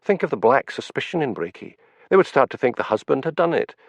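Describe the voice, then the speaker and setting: An anxious young woman pressing her point with urgency, as a male audiobook narrator puts her on, his voice lifted higher than his own. The reading stays lively in pitch. The sound is dry and slightly muffled, like a home-made audiobook. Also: fast talker, gravelly, husky, no echo, full character voice. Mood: pleading. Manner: urgent, pleading. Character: anxious, earnest young woman reporter with second sight.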